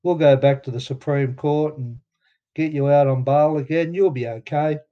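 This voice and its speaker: A man reading a gentle Australian mum. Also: a little high, fairly even intonation, moderate pace, lo-fi sound, close to an everyday voice. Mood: consoling. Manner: soft, comforting. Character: gentle worried Australian mother.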